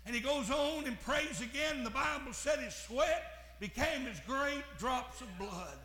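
A man preaching a sermon, moving from hushed, slow phrases to shouted, fervent preaching. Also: very high-pitched, animated, reverberant.

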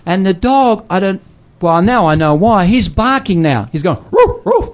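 A man's voice: high-pitched, animated, moderate pace. An older man, a missionary, telling a story in a casual chat, acting out voices and laughing often. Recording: dull lo-fi sound.

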